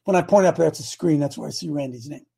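A man's voice: a little high, fast, vocal fry, mellow, slightly rough. Folksy, emphatic male preacher. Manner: folksy, emphatic, retells Bible stories with slang. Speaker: preacher and coach. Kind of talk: sermon.

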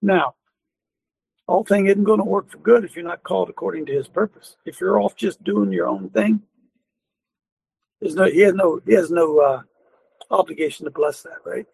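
An older man hosting a Christian call-in show speaks in a high, gravelly, husky voice. He preaches fervently and chuckles between lines. The sound is dry and close. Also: lively intonation, moderate pace, pauses often, darkish tone, no echo. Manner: fervent, preachy, laughs often. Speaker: radio talk show host.

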